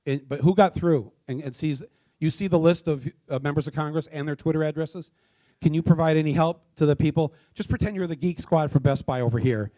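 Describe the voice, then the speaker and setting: A middle-aged man hosting a live town hall in a theater, talking casually with many fillers and restarts, and spelling things out slowly. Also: a little high, warm tone. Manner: spells out addresses slowly letter by letter. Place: theater stage before a live audience.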